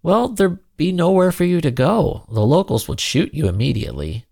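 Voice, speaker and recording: A man's voice: on the high side, sing-song, normal speed, vocal fry, darkish tone, pitched above the performer's own voice, heavily acted. A man voicing an earnest, kind-hearted young man who stammers and apologizes. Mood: eager.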